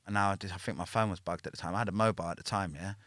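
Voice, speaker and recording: A man's voice: sits low, steady tone, rapid-fire, fairly bright tone, no room sound, studio quality. A man, a podcast guest telling a story in casual talk, packed with slang and tags like "yeah?" and "innit". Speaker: podcast guest, former prisoner.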